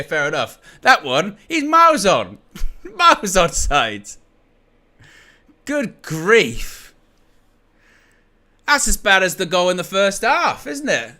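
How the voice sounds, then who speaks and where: A man giving live fan commentary on a football game, his pitch leaping around as he laughs, swears and rants at the officials. His voice is bright and forceful, sitting a little high for a man. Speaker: fan match watchalong host.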